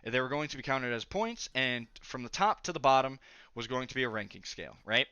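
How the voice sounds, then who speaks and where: A young man spins a rambling school story in a bright, forceful voice, padding it with fillers and asides. The sound is dry and slightly dull, as from a modest home mic. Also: medium pitch, expressive, fairly quick, smooth, no echo. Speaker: storytelling vlogger. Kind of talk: casual storytime narration.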